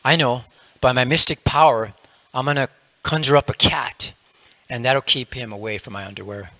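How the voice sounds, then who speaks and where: A man's voice: mid-range voice, moderate pace, bright, forceful tone, dry recording, natural voice. A man voicing a fussy, easily exasperated yogi who grumbles about being put upon.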